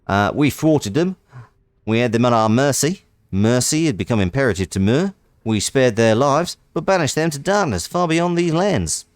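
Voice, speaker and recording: A man voicing a cursed male wanderer from a game, with a strained, high put-on voice and a wobbly made-up accent. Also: animated, normal speed, dry recording, clean studio sound, natural voice. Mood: earnest.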